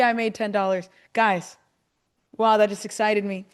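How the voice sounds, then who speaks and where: Woman, host, live trading demo, chatty, excitable, medium pitch, talks to viewers. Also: unhurried, smooth. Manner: chatty and excitable, talks herself through each step.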